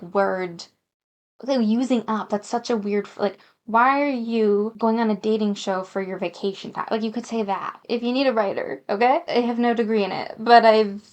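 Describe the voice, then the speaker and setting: A young woman playing a mobile dating game, reading it aloud with rambling, sarcastic asides. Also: on the high side. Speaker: gaming YouTuber. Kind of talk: let's play commentary.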